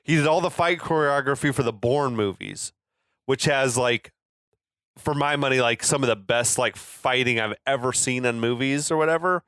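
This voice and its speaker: A man co-hosting a podcast, talking about films in a relaxed, laid-back way, swearing casually and trailing off with like. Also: mid-range voice, normal speed, clear, resonant tone, no room sound, studio quality. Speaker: podcast co-host. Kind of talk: casual movie chat.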